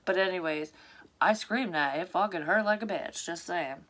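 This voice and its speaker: Reading a story aloud at a normal speed, a woman who works as a psychic medium keeps stopping for candid, wandering, profanity-filled asides. Her voice is lowish and a little bright, with slight hiss or hum in the audio.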